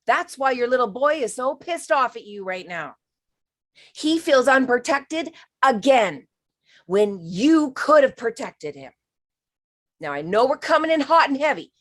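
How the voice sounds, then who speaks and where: A woman healer speaks on a live stream, her voice sitting a little on the high side. She talks frankly and with emphasis, drops the odd swear word, and calls her listener honey. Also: big pitch swings, a little slow, a bit bright. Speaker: spiritual healer giving a reading. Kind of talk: live-stream healing reading.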